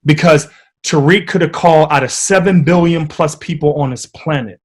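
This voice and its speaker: Animated man telling stories. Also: a little high, moderate pace. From United States. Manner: animated, vivid storyteller. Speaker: podcast guest. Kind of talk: casual interview storytelling.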